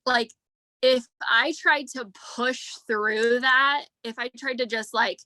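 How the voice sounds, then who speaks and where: A woman's voice: on the high side, steady tone, slow, bright, forceful tone, no room sound. Earnest rambling woman on a video call. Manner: rambling, heavy use of "like" and "um"; earnest and emotional. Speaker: speaker at a team leadership training. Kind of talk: casual heartfelt talk.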